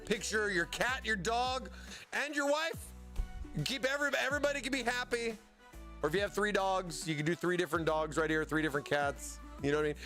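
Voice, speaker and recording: A man's voice: high voice, brisk, pushed and bright, soft background music. A man hosting a casual product livestream, rambling and often stammering and repeating words. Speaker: livestream host.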